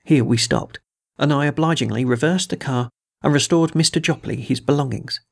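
A man reading a first-person adventure story aloud in a measured, dramatic way, giving the dialogue some voice. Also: mid-range voice, gravelly. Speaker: audiobook reader.

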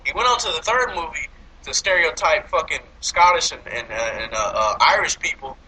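Lively, bright-voiced man ranting about movies. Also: on the high side, fairly quick, slight background noise, poor audio. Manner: animated, profane, laughing often. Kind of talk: casual movie review chat.

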